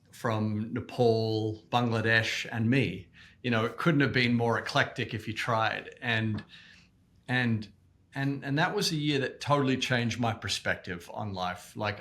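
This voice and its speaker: An Australian man in his forties, a guest in an interview, telling stories in an animated way and often repeating words as he restarts. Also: on the low side. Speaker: guest, activist organization co-founder. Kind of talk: interview storytelling.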